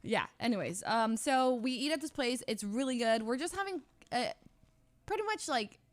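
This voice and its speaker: A woman's voice: fairly high pitch, big pitch swings, moderate pace, dry recording. A young woman streamer chatting casually as she tells a story, rambling with lots of restarts and laughing often. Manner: rambling, heavy use of "like" and restarts, frequent laughter.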